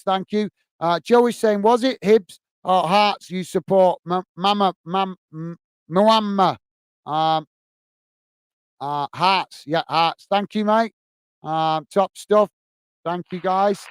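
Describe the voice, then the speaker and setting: This man hosts a live football watch-along stream, reading chat messages aloud and answering casually in a friendly, chatty way. His high voice is clear with a resonant tone. The recording is dry.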